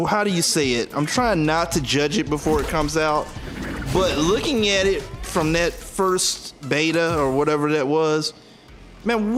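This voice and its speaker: A man co-hosting a casual gaming talk show, animated and laughing often as he acts out game lines. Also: a little high. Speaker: streaming show co-host.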